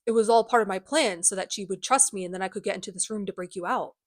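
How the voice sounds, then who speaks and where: A woman's voice: medium pitch, fast talker, lightly acted. A woman quoting an earnest, loyal young man who talks sincerely.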